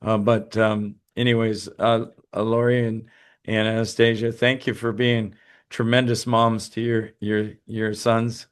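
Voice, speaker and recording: Tired male webinar host on a video call, halting delivery full of fillers and restarts. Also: on the low side, level tone, smooth. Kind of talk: webinar talk and Q&A.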